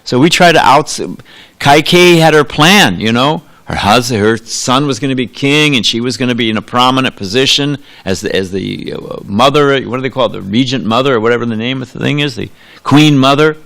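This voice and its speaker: A man's voice: medium pitch, brisk, gravelly, fairly bright tone. A man giving a sermon in a temple, talking in a loose conversational way, trailing off into asides and restarting his sentences. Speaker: preacher. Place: temple hall.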